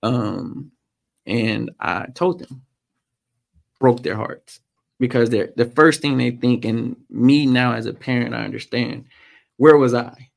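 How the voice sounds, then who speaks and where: A man with a gravelly, rough-edged voice speaks at a middle pitch. He tells a personal story as a podcast guest. He stops often and fills the gaps with "um". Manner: halting, frequent "um" pauses. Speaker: podcast guest, motorcycle racer.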